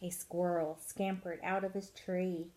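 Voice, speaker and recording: A woman reads a picture book aloud for children, unhurried and expressive. Her voice sits on the low side, and she stretches gentle words out slowly. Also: rough recording. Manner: expressive, drawing out soft words. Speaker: storytime reader.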